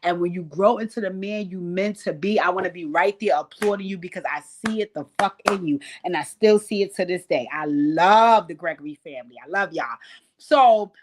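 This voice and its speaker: A woman's voice: fairly low pitch, normal speed. A middle-aged woman, hosting and telling stories to her audience in a loose, profane way, laughing often as she goes. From New York. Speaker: host. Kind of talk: casual storytelling to a live audience.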